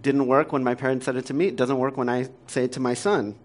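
A man's voice: mid-range voice, fairly even intonation, fast. A man in his thirties, a pastor preaching a sermon in a conversational, self-deprecating way, often laughing and using fillers.

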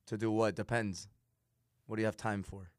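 A hoarse man who has lost most of his voice, co-hosting a radio show with quick, teasing banter. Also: lowish voice, level tone, no room sound, clean studio sound. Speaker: radio co-host.

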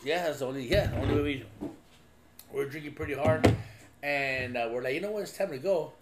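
A man's voice: on the high side, fairly quick, heavy background noise. A man hosting a podcast, telling loose, profane stories in casual chat with frequent laughter. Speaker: podcast host.

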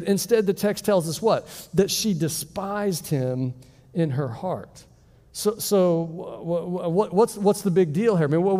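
A man preaching a sermon as pastor, telling a Bible story with lively rhetorical questions. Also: sits high, long reverb tail. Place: church auditorium.

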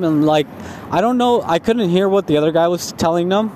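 A man's voice: high voice, fairly quick, darkish tone, slight background noise. Rambling stoned man telling a story. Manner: repetitive, profane, full of "like" fillers.

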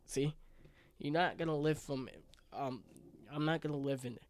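A man's voice: medium pitch, normal speed, a little mellow, no echo. Young guy in his 20s doing a solo podcast, earnest and emotional, dry close sound. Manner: earnest and emotional, choking up at times; rambling, with many fillers and restarts. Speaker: podcast host.

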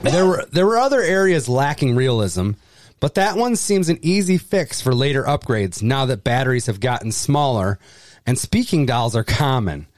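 A man in a casual podcast chat, reading a sarcastic, deadpan satire. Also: medium pitch, normal speed, no room sound.

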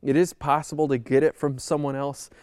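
A man's voice: medium pitch, flat delivery, a little fast, a little mellow, smooth, no echo, clean studio sound. A man giving an earnest, conversational sermon as a pastor, leaning into pleading emphasis.

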